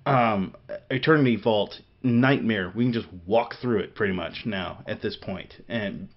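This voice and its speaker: Rambling low-voiced man, lo-fi podcast audio. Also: unhurried. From Missouri. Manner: rambling, many restarts and fillers, laughs often. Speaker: podcast co-host. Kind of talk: casual gaming chat.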